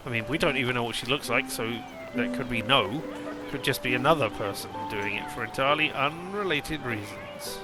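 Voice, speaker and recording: A man's voice: medium pitch, brisk. A man casually commenting on a detective game, thinking aloud and reading out options as he plays. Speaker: let's play host. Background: game music.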